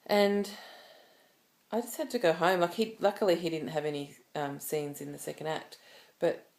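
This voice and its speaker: A woman's voice: deep voice, steady tone, normal speed, a little mellow. A woman talking to camera in a personal vlog, telling a story in a rambling, emotional way with many restarts. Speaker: vlogger.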